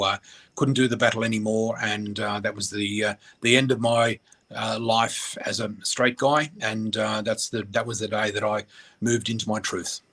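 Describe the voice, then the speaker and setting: A middle-aged man from Australia, a radio guest, telling a personal story in a halting, emotional way with many fillers. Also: fairly low pitch, a bit bright.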